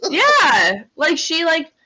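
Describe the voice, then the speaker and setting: A woman co-hosting a podcast, talking fast and with animation in casual chat, saying "like" often. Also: very high voice, wildly swooping pitch, pushed and bright, rough recording. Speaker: podcast co-host.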